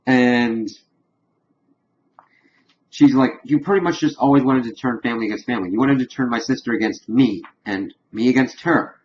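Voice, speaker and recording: Young male TV reviewer, casual recap style, mid-pitched voice, slightly muffled audio. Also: brisk, slight background noise. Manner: animated retelling, lightly acting out characters' lines. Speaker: TV show reviewer.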